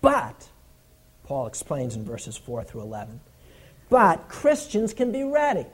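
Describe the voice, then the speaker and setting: Guy preaching, earnest and emphatic, hammers the same points, goes low and quiet for stories. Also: wildly swooping pitch, unhurried, slightly rough. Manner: drops to a low, hushed tone for stories. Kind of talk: sermon.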